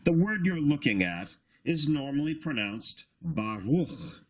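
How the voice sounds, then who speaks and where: A man teaching a beginner reading lesson in a patient, instructive way, sounding out syllables slowly. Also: fairly high pitch, very animated. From Australia. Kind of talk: slow recorded reading lesson.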